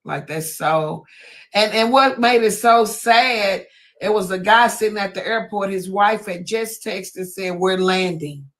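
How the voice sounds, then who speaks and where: A woman's voice: medium pitch, a little slow. A woman hosting a live online mock court, talking in a heartfelt, emotional way and holding back tears. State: on the verge of tears. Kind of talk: casual live-stream chat.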